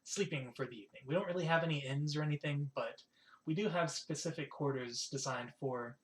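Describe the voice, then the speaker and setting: A man's voice: on the high side, natural voice. Curt short-haired woman done by a man, blunt, no fuss. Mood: brusque. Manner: blunt and brisk.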